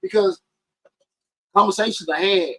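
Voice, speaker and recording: A man hosting a casual call-in podcast conversation. His voice sits fairly high and swings widely, leaping up on emphasis. The tone is husky and gravelly, and he often restarts his sentences mid-thought. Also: huge pitch swings, moderate pace, bright, forceful tone, no echo, poor audio. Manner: talks in bursts with many restarts, pitch jumping up emphatically. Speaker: podcast host.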